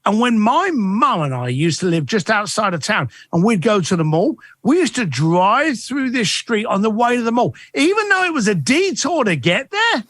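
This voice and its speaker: A man's voice: high voice, very animated, normal speed, few pauses, a bit bright, dry recording, clean studio sound. A middle-aged man, a guest author and coach, telling stories in an interview and acting out the dialogue with shifting voices. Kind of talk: animated interview storytelling.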